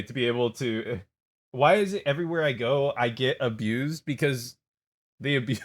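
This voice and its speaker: On a casual live stream, a young adult man speaks in a mid-range voice, rambling and responding to his chat with animated humor.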